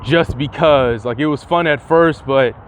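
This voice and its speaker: A man's voice: medium pitch, measured pace, slight background noise. A young man vlogging in casual commentary, rambling and profane, often restarting his sentences. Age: young adult.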